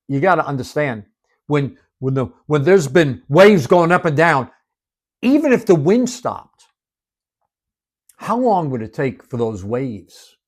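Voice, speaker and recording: A male preacher tells Bible stories with great drama. His pitch moves widely and his voice sits at an average height. He drops to near-whispers to drive a point home. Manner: dramatic storytelling, dropping to hushed whispers for emphasis. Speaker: Bible teacher. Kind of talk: expressive Bible-study sermon.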